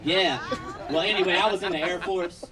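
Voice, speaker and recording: Stand-up guy from long beach, profane storyteller, crowd laughing loud, mic kinda far off. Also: high voice, normal speed. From Long Beach, California. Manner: profane, storytelling, acts out characters. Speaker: stand-up comedian. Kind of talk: stand-up comedy set. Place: outdoor backyard patio show.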